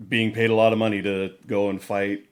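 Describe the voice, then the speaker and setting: A man's voice: lowish voice, little pitch movement, fairly quick. A man hosting a casual hobby podcast, talking loosely with fillers and restarts. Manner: rambling, many restarts and fillers. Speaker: podcast host.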